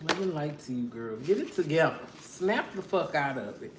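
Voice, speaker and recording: This middle-aged tarot reader has a deep, animated voice and speaks at a moderate pace. She gives a casual reading that is blunt and profane, laughing often, in an echoey room with faint noise.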